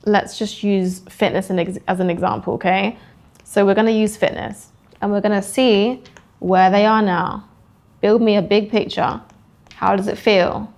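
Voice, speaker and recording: A woman's voice: mid-range voice, creaky, a little mellow. A woman sales coach teaching how to run sales calls, acting out bits of call dialogue with a shifting tone.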